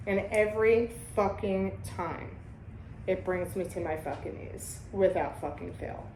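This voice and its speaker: A woman's voice: medium pitch, unhurried, darkish tone, far from the mic, a little hiss or hum. Blunt, foul-mouthed woman in an echoey room. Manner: blunt, heavy swearing, emphatic. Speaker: host. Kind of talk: casual recovery group talk.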